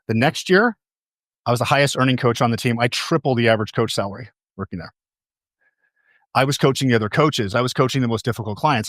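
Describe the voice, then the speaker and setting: A man's voice: medium pitch, a bit bright, dry recording. Man giving a dry-voiced motivational talk. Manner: repeats key phrases for emphasis; storytelling to an audience, asks questions. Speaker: motivational speaker and coach.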